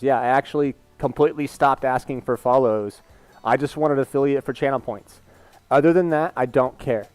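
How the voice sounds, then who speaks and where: A man's voice: medium pitch, moderate pace, a little mellow, dry recording, faint music behind. A man chatting casually on a live stream, rambling candidly and reading viewer comments aloud.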